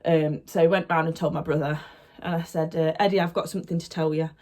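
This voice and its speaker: A woman's voice: deep voice, fast. A young woman telling a personal story to camera in a casual, chatty way. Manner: chatty, animated retelling with acted-out quotes. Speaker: vlogger.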